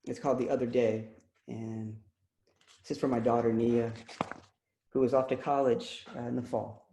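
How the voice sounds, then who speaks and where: A man reads his poems aloud over a video call, his voice dark and mellow. He speaks in a measured way, pausing with ums between pieces, and the call audio is echoey. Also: mid-range voice, level tone. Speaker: poet reading his work. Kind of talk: poetry reading with spoken introductions. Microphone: computer mic on a video call.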